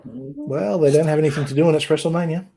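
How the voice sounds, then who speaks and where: A man hosting a casual online chat show, rambling and halting with many ums and restarts. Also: fairly high pitch, sing-song, creaky, dark tone, breathy edge. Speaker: podcast host.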